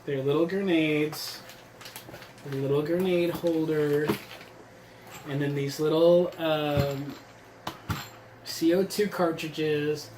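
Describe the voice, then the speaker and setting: A man's voice: on the high side, darkish tone, slight background noise, poor audio. A man casually reviewing a survival gear box on his channel, rambling and sarcastic, swearing freely. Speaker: vlogger reviewing a subscription box.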